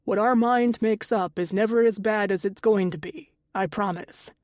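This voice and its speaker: A middle-aged stepfather, soft-spoken yet quietly controlling, voiced by a woman reading the story. He lectures with a firm, even edge and keeps his voice low. The sound is dry and close, with no room around it. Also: normal speed, no room sound, natural voice. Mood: reassuring.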